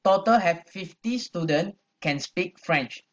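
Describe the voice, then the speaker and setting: A male math teacher explains an exercise one step at a time. His voice sits a little high, and he speaks slowly and patiently, repeating each number as he goes. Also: expressive. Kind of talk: classroom lesson, working through an exercise.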